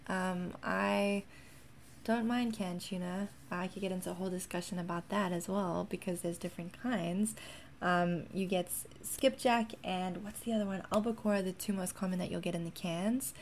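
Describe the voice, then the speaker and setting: A chatty woman with a mixed South African accent, talking casually to her viewers. Her voice sits a little low, and she rambles along with plenty of ums and small restarts. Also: fairly even intonation, moderate pace, a little hiss or hum. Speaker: wellness content creator. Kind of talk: casual vlog talk.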